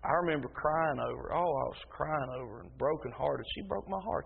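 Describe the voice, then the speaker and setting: A man preaching a sermon as pastor in a church, emphatic and rising into a loud preaching cadence. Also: mid-range voice, animated, a little fast, creaky, breathy edge. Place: church sanctuary. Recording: tinny phone-like sound in a reverberant hall.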